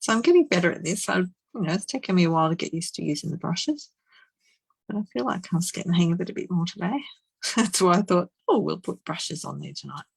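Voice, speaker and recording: Chatty woman with a husky, gravelly voice. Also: on the low side, animated, quick pace, no room sound, low-quality recording. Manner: chatty, giggly, murmurs to herself while working. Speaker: card-making demonstrator. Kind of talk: live craft demonstration.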